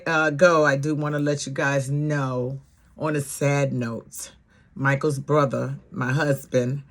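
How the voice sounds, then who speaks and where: A middle-aged woman from New York City with a New York accent, telling her viewers a family story in a blunt, animated, profane way. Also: very deep voice. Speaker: vlogger.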